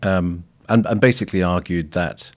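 A man's voice: low-pitched, steady tone, normal speed. A man, a guest on a podcast, telling stories reflectively with frequent restarts. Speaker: guest missiologist. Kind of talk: casual podcast conversation.

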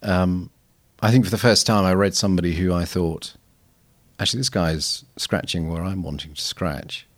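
Deep-voiced reflective man. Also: fairly even intonation, normal speed. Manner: reflective, anecdotal, frequent restarts. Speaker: guest missiologist. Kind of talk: casual podcast conversation.

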